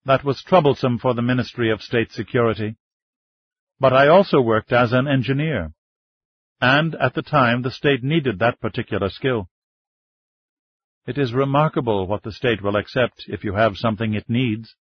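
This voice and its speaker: A man voicing a dignified male minister in his fifties, speaking in a measured, formal way in an audiobook. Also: medium pitch, slightly rough, dry recording, lightly acted. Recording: dull lo-fi dry recording.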